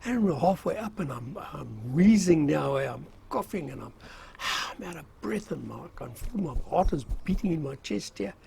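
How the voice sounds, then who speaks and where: A man's voice: a little high, very animated, normal speed, creaky, a little mellow. An older man casually recounting his army days in a rambling, self-mocking way, with fillers and chuckles. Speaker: storyteller recalling army service. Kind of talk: casual spoken memoir.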